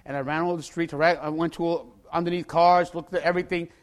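A man telling a dramatic personal story, acting out the people in it and bursting into shouts at the tense moments. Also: on the high side, little pitch movement, quick pace. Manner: acts out the people in his story. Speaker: storyteller giving a personal testimony.

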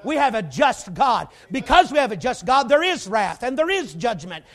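With a sing-song lilt and a moderate pace, a preacher with an unusually high voice gives a sermon. His style is folksy and emphatic, peppered with jokes on the side, and he frequently builds up to a shout.

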